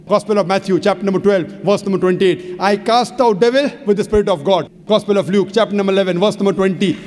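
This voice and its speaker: A man giving a public religious lecture to an audience, speaking emphatically and methodically citing chapter and verse. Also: high-pitched. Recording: long hall reverb, faint background noise.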